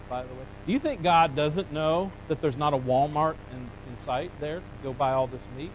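A man preaching a sermon, animated and dramatic, acting out the complaints of biblical figures as he retells a scripture passage. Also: fairly high pitch, slight background noise, poor audio. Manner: animated preaching, voicing Bible figures with rising emphasis. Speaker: pastor.

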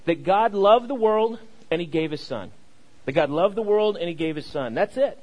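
A man's voice: high voice, expressive, normal speed, a little mellow, poor audio. A young adult male pastor giving a sermon, repeating key phrases and leading the congregation in call and response, with frequent stammers and restarts.

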